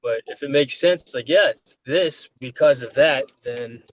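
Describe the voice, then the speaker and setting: A man's voice: medium pitch, measured pace, slight background noise. Chatty man on a lo-fi call. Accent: New York. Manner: chatty, laughs often. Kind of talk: casual live-stream chat.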